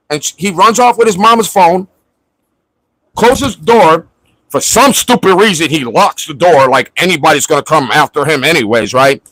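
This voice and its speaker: A man's voice: a little high, moderate pace, fairly bright tone, no echo, poor audio. A man hosting a livestream in casual chat, ranting mockingly and swearing at a viewer. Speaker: livestream host. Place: at home in Florida.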